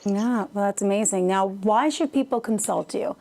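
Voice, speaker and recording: A woman's voice: mid-range voice, normal speed, mellow. Woman talk show host interviewing.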